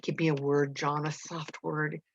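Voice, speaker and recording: A woman's voice: deep voice, level tone, a little slow, gravelly, slight background noise. A woman reading the lines of a scheming, lovesick teenage girl in a coaxing, taunting way, on a dull, dry recording. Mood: pleading.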